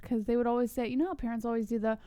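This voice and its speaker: A woman co-hosting a casual livestream with her partner, speaking bluntly and flatly even when she says bold things. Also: fairly high pitch, racing, smooth, dry recording. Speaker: livestream co-host.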